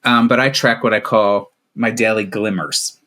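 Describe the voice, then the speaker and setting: A man's voice: fairly low pitch, fairly even intonation, moderate pace, pushed and bright. A middle-aged man, a coach appearing as a podcast guest, speaking conversationally with joking asides. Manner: conversational, self-deprecating asides. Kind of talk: casual chat.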